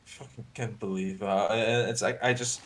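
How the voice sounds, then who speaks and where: A man's voice: on the low side, steady tone, normal speed, slight background noise. A man joining a game livestream, talking casually in a laid-back way and swearing. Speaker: co-streamer. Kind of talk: casual gaming stream chat.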